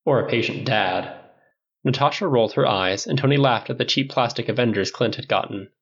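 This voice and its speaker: A man reading fan fiction aloud in an expressive storytelling manner. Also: medium pitch, brisk, slightly rough, dull audio. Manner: expressive, does voices. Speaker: audiobook reader.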